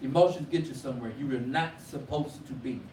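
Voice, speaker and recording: A man preaching a sermon with call-and-response, rising from quiet talk to loud cries. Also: medium pitch, brisk. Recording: echoey room, from far off, faint noise.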